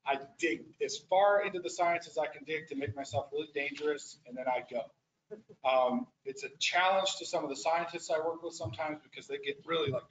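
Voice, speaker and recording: A man's voice: fairly high pitch, fairly quick, a little hiss or hum. A man, a restoration practitioner, giving a casual, rambling presentation at a board meeting, with many restarts. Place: meeting room. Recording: echoey muffled meeting room audio.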